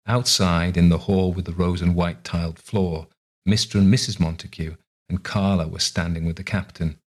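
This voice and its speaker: In this scripted narration, a man reads a story in a deep and husky voice. His delivery is unhurried and even, giving every scene its time.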